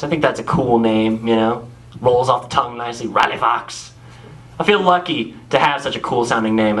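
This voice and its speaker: A man's voice: medium pitch, fairly bright tone, rough recording. A young man from Tennessee doing a laid-back, sarcastic stand-up set on a club stage. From Tennessee, USA. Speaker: stand-up comedian.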